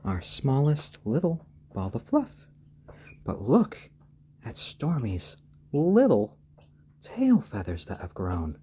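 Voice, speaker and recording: A man hosting a casual live stream, gently soothing and hushing his baby chicks and thanking viewers. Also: mid-range voice, huge pitch swings, slow, slightly rough. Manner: reads out viewer names and thanks them.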